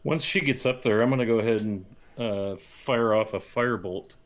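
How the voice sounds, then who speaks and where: A man playing a tabletop game, calmly stating his actions. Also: on the low side, normal speed. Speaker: player. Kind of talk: casual tabletop play.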